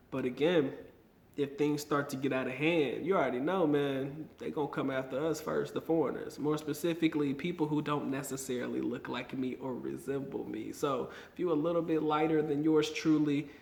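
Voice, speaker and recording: A man's voice: fairly high pitch, fairly bright tone. A man vlogging casually to camera, slangy and emphatic, repeating his points for effect. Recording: roomy echo.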